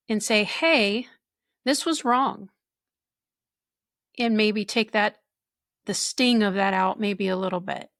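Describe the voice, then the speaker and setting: A woman's voice: medium pitch, creaky, no echo, studio quality. A woman hosting an interview, speaking in an affirming, reassuring way to her guest. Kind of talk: podcast interview.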